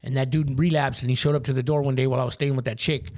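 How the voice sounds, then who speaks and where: A man's voice: medium pitch, little pitch movement, racing, a little mellow. A man who is a podcast guest telling his recovery story with candor. He talks in profane street slang and keeps asking "you know what I mean.".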